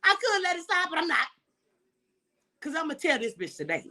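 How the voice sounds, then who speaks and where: A woman host tells a story in a high, bright voice. She acts out every line of dialogue, swearing freely as she goes. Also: a little fast, rough recording. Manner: animated, profane, acts out dialogue. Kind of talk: casual storytelling chat.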